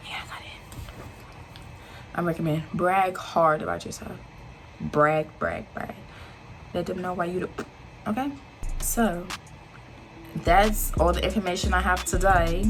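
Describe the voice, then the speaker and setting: A woman's voice: lowish voice, lively intonation, normal speed, long pauses, music in the background. A young woman, a college student, giving chatty and emphatic advice in a casual vlog. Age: young adult.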